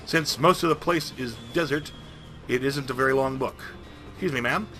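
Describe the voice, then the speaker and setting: A man narrating a video game playthrough in a jokey, rambling, animated way. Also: mid-range voice, moderate pace, faint music behind. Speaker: game streamer. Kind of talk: comedic let's-play narration.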